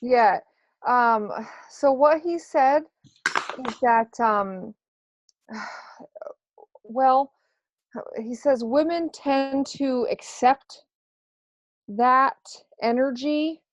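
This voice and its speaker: A woman's voice: a little high, no echo. Woman, psychic medium, casual interview, hesitant with fillers, muffled sound. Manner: hesitant, many fillers and restarts. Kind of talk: relaying answers in a casual interview. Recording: dry, dull lo-fi sound.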